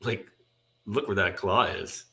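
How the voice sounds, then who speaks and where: Low gravelly guy, bright edge, quick yeahs during comic chat. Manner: short agreeing replies. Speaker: co-host. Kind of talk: casual comic read-through chat.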